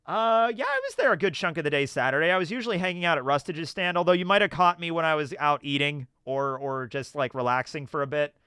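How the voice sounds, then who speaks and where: A man's voice: a little high, fast talker, hardly any pauses, smooth, dry recording, studio quality. A young American man rambling through stories on a casual livestream, reading chat questions and answering with lots of fillers. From United States. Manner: rambling, animated storytelling with many fillers.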